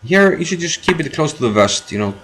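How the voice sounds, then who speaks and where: A man streaming his own chess game, commenting live as he thinks aloud, repeating phrases and filling pauses. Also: on the high side, big pitch swings, background noise.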